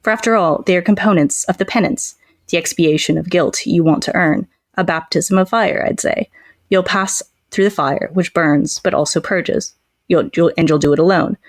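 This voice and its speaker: A podcast co-host reads a lengthy quote with an even, deadpan delivery before slipping back into loose banter. The voice sits mid-pitch, recorded close with a dry, dead sound. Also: moderate pace, dry recording. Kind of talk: casual book club chat, reading quotes aloud.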